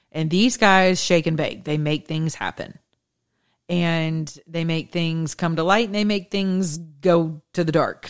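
Smooth-voiced woman, blunt and emphatic. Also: low-pitched. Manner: emphatic, repetitive, preachy; snarky, blunt. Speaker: political commentator. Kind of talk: casual political monologue.

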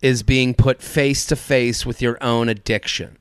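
A man hosting a comedy podcast, telling a complaint story in an animated, exaggerated way. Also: unhurried, clear, resonant tone, dry recording, studio quality. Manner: animated storyteller, jumps up in pitch when acting out people. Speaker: podcast host. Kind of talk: casual comedic complaint chat. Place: New York City.

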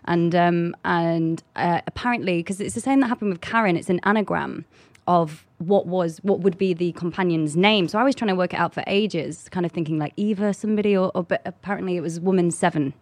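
Chatty English woman with a low voice. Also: fairly quick, a little mellow, dry recording. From England. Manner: chatty, laughs often, many "kind of" fillers. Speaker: actress guest. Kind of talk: casual chat.

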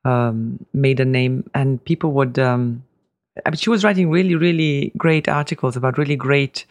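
Interview guest, middle-aged man, gravelly voice, dry close sound, rambling storyteller. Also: medium pitch, dry recording. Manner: rambling anecdotes with fillers, laughs easily. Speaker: guest, family business heir.

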